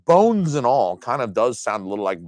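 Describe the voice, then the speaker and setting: Casting: a man playing an host in his 30s, profane comic rant, mid-pitched voice, dry close sound. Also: normal speed, no echo. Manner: swearing, animated, jumps up and down in pitch. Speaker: video host reviewing disc releases.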